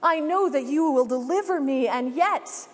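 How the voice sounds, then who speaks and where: A woman's voice: high voice, normal speed, big-room sound, pitched above the performer's own voice, natural voice. A woman voicing a devout, stubborn man who refuses rescue and insists on his faith. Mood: pleading.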